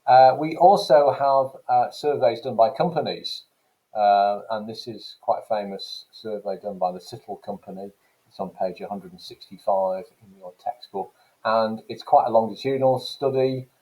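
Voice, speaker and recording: A man's voice: fairly low pitch, dark tone, poor audio. A man teaching a recorded lesson, explaining casually with fillers and reading quotations aloud from texts. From England. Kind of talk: recorded classroom lecture.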